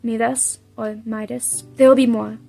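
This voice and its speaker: A woman's voice: fairly high pitch, fairly even intonation, a little fast, creaky, a little mellow, faint music behind. A woman reading a smart, grim teen demigod girl.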